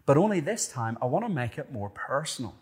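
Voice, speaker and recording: Man, Irish accent, pastor's sermon, husky voice, earnest and emphatic. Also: mid-range voice, big pitch swings, fairly quick. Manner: earnest, emphatic preaching with dramatic rises and hushed drops.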